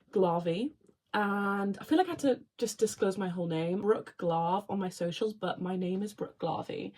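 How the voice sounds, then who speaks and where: Chatty young woman from Wales. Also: medium pitch. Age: young adult. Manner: chatty, bubbly, with quick asides. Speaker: vlogger, marine biology student. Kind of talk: casual chat to camera.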